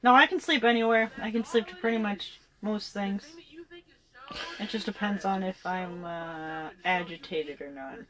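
A woman's voice: mid-range voice, a little slow, crowd noise, rough recording. A young woman in her twenties in casual chat, blunt, sarcastic and profane.

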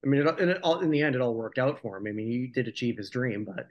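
A man's voice: mid-range voice, lively intonation, quick pace, dull audio. Rambling, jokey male podcast co-host. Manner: rambling, self-correcting, jokey. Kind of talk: casual chat about old TV.

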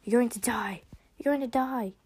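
A woman's voice: on the high side, moderate pace, a little mellow, slightly rough, pitched above the performer's own voice. A woman putting on a British doom-chanting inner voice. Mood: ominous chanting.

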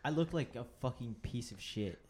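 A man's voice: medium pitch, animated, normal speed, darkish tone, a little hiss or hum. A young man in a casual podcast chat, frankly and profanely telling an embarrassing childhood story. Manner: frank, self-deprecating, profane.

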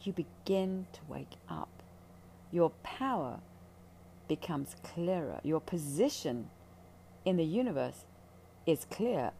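A woman's voice: sits low, animated, slow pace, creaky, long pauses, mellow, a little hiss or hum. A woman who guides ayahuasca ceremonies, talking candidly about spiritual healing in a blunt, intense, profane way.

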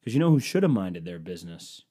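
A man's voice: low voice, very animated, fast talker, warm tone, breathy edge. A man in his twenties hosting a podcast from home, telling rambling, self-mocking stories with plenty of swearing into a microphone hooked up to his computer. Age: 20s. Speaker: podcast host. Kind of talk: casual comedic monologue. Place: indoors at home.

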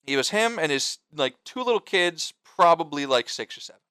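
Young man, casual storyteller, profane and rambling; bright tone, dry close sound. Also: a little high, lively intonation, moderate pace, clean tone, no echo. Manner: rambling, profane, lots of fillers and restarts. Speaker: storyteller among friends. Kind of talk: casual chat.

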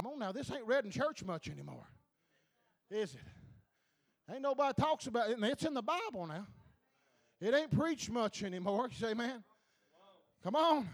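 A male preacher delivering a fervent sermon, halting with filler sounds, laughing and calling out to the congregation. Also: very high voice, lively intonation. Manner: fervent, repeats calls to the congregation, laughs between lines.

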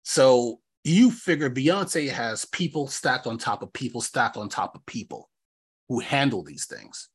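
A man's voice: mid-range voice, lively intonation, a little slow, breathy edge. A man from New York co-hosting a podcast in casual chat, rambling with many fillers. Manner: rambling, filler-heavy, restarts often. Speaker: podcast co-host.

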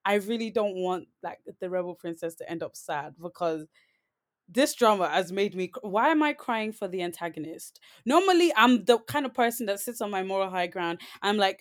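A woman's voice: mid-range voice, animated, moderate pace. A woman co-hosting a podcast, chatting casually and rambling, with many "like"s and restarts. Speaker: podcast co-host. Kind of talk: casual chat.

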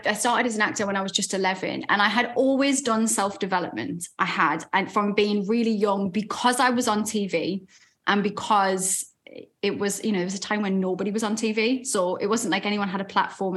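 A woman in her forties from Newcastle with a softened Geordie accent, talking chattily as a guest in an interview. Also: mid-range voice. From Newcastle, England. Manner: chatty and animated, with quick laughs and restarts. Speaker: podcast guest, author and life coach. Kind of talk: conversational interview.

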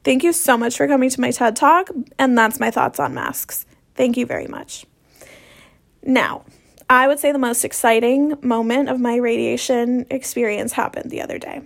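High-voiced, gravelly young woman ranting. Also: expressive, moderate pace. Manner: profane, sarcastic, rant-like. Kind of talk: casual storytelling monologue.

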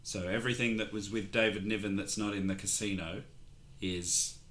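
A man's voice: on the low side, steady tone, normal speed, a bit bright. A man co-hosting a casual film review podcast, joking and rambling, often breaking into laughter. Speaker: podcast co-host.

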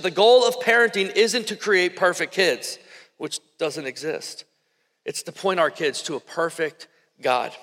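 Pastor, man, 30s: high, bright voice, chatty animated sermon storytelling, echoey hall. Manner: animated storytelling, conversational with many fillers. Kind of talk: sermon with personal stories. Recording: echoey hall with long reverb.

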